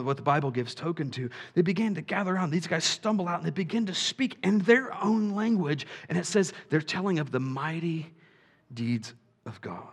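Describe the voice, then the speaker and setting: A man preaching a sermon, animated, swinging from quiet asides to shouts and acting out quoted voices. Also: on the high side. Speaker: pastor.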